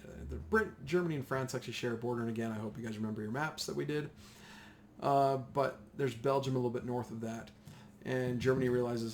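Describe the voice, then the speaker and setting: A man teaching a casual history lesson, chatty and animated, acting out the voices of whole nations. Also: medium pitch, fast talker, slight background noise.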